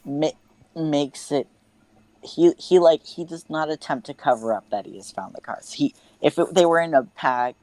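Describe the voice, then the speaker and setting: A woman playing a tabletop game, describing her character's actions in a hesitant, halting way. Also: low voice, mellow, no echo, rough recording. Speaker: player.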